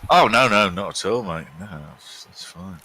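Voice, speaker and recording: A man's voice: low-pitched, animated, normal speed, pushed and bright. A man streaming a game, chatting casually in a dry, joking, mock-earnest way. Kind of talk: casual chat over gameplay.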